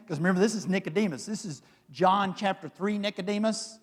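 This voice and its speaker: A pastor with a high-pitched voice delivers a sermon, retelling scripture in a lively, conversational way. His voice carries with a long reverb through the church hall. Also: fairly quick, hardly any pauses. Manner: conversational storytelling, dramatic retelling. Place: church sanctuary.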